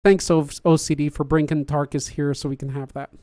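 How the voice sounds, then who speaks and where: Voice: medium pitch, little pitch movement, fairly quick, dark tone, no room sound, clean studio sound. A podcast host chatting casually on a livestream, reading viewer comments aloud, laughing often and joking about their own slips.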